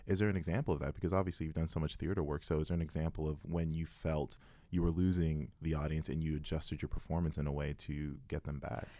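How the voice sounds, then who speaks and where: Man, podcast host, very low voice, thoughtful questions, dry sound. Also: fairly even intonation, fast talker, hardly any pauses, mellow, dry recording. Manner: thoughtful, rambling questions, easy laughs. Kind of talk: conversational interview.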